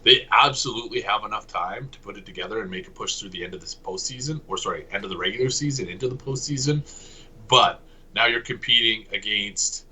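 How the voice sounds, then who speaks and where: A man's voice: lowish voice, brisk, bright, forceful tone, breathy edge, poor audio. A man from Canada co-hosting a casual sports podcast, talking analytically and correcting himself as he goes. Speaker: podcast co-host.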